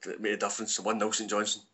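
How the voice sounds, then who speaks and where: A man's voice: lowish voice, level tone, pushed and bright, husky, muffled recording. A man co-hosting a casual podcast chat, quoting figures. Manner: quick, cites stats. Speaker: co-host.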